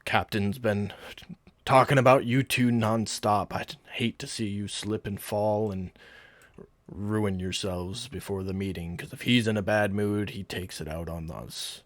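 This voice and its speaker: A man voicing a clumsy, burly male sailor who is nervous and eager, calling out in a hurried, flustered way. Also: fairly low pitch, fairly even intonation, no echo, natural voice.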